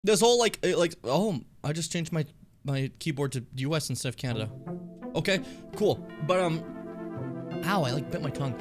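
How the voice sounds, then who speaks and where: A man with a high, bouncy voice streams a game, chattering excitably and yelling at enemies as he plays. Swearing comes easily to him. Game music plays behind him. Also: moderate pace. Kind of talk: casual gameplay commentary.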